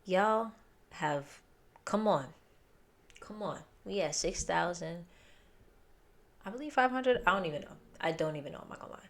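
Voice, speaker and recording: A woman's voice: lowish voice, animated, moderate pace, pauses often. A woman hosting a music reaction video, talking casually and directly to her viewers, with occasional swearing. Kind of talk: casual chat, reacting to an album. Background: faint music from the album.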